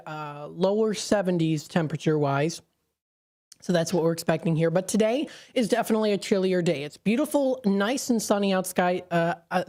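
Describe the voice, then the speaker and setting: A woman with a fairly low, slightly mellow voice hosts a live local radio show from a studio, speaking into a studio microphone. She chats casually, with lots of fillers and little laughs.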